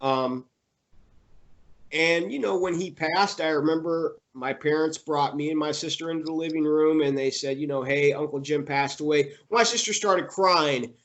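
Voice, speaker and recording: A young man being interviewed, telling a personal story in a halting way with many fillers and restarts, getting emotional. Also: on the high side, fairly bright tone.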